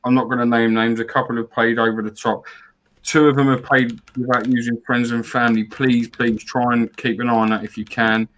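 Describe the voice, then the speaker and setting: A man's voice: mid-range voice, flat delivery, brisk, fairly bright tone. A man talks loosely on a fan live stream, repeating words as he goes. He chats about the game and reads out donors' names. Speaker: fan show co-host. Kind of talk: casual football fan chat.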